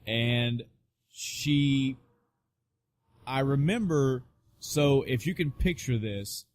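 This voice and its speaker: A man's voice: mid-range voice, drawn-out words. A man co-hosting a podcast, telling a story in casual chat with lots of swearing, acting out the people in it. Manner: profane, animated storyteller acting out quoted voices. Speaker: podcast co-host.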